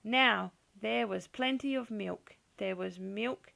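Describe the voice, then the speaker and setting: A woman reading a children's picture book aloud in a slow, gentle, expressive storytelling manner. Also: medium pitch, gravelly. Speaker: storybook reader.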